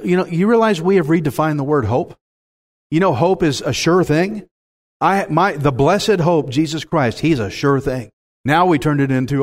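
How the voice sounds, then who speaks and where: A man's voice: on the high side, lively intonation, normal speed. A man preaching a sermon, with dramatic swings and calls to the congregation. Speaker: pastor.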